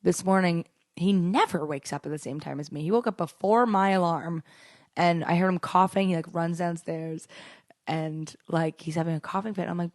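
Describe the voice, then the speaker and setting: A young woman co-hosting a podcast, telling stories in casual chat with quick laughs. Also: lowish voice, dry recording, clean studio sound. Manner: chatty storytelling, quick laughs. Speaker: podcast co-host.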